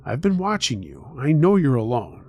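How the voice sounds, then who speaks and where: A man playing a creepy young male stalker who speaks in a soft, falsely gentle way in a spoken horror story. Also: mid-range voice, huge pitch swings, normal speed. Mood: menacing.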